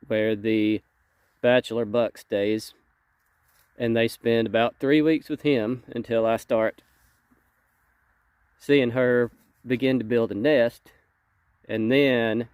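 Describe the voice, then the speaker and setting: A man with a nasal, congested voice from a cold, talking casually outdoors and explaining things in a relaxed way. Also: mid-range voice, clean tone, dry recording. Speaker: homesteader vlogger. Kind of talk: casual outdoor walk-and-talk. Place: outdoors at a rabbit pen.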